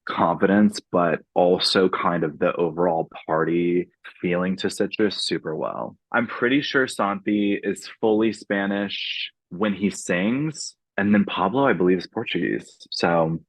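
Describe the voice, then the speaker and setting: Low-voiced young guy on a podcast, animated, laughs a lot, dry close sound. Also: unhurried, few pauses, no room sound, poor audio. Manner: animated, laughs often, thoughtful when explaining his songs. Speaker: guest, singer. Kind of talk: casual podcast interview.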